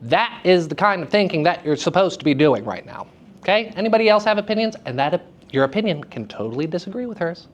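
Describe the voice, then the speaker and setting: A woman lecturing students on acting. She is lively and theatrical, laughs often and asks them questions. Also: lowish voice, quick pace. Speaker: acting teacher giving a lecture. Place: school theater festival session.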